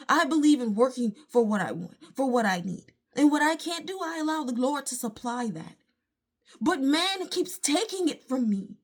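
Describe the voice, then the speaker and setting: A woman, venting her frustration emphatically to a phone camera at home. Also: high voice. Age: late 20s. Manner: frustrated, emphatic ranting with religious asides. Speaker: vlogger. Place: at home, indoors.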